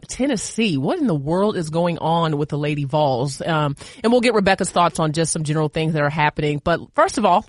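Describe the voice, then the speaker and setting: A woman's voice: on the low side, dry recording, studio quality. A woman hosting a podcast, chatting playfully with a guest and laughing easily. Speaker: podcast host. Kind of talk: casual chat, interviewing a guest.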